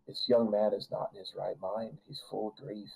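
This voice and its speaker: A man's voice: on the low side, fairly even intonation, normal speed, vocal fry, a little mellow, slightly rough, poor audio. A man narrating a tabletop game as game master, rambling with restarts and filler words.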